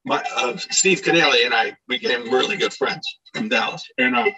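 A middle-aged man from Scranton telling animated anecdotes in a casual podcast chat, acting out shouted quotes. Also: medium pitch, moderate pace, vocal fry, recorded from a distance, rough recording. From Scranton, Pennsylvania. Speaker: podcast guest, actor and DJ. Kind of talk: casual storytelling.

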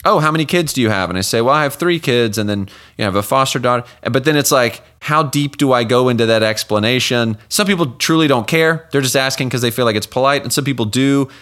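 A man's voice: mid-range voice, quick pace, few pauses, fairly bright tone. A man hosting a casual interview, an adoptive parent asking long, rambling questions. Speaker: podcast host and adoptive parent.

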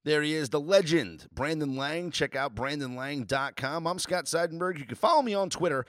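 A man hosting a sports betting podcast, easygoing and quick to laugh. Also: on the high side, a bit bright, no echo, studio quality. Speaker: podcast host. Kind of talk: casual sports podcast chat.

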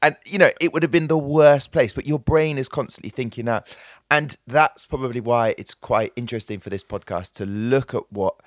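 A man chats on a podcast, telling stories in an animated, jokey manner. His voice sits in a middle pitch, recorded close and dry. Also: normal speed, dry recording. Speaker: podcast co-host. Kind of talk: casual chat.

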